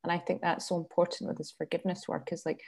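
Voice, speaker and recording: Woman, low flat voice, warm dark tone, reflective sharing. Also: fast talker, vocal fry, husky. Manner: reflective, hesitant. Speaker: student sharing in a group. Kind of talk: personal sharing.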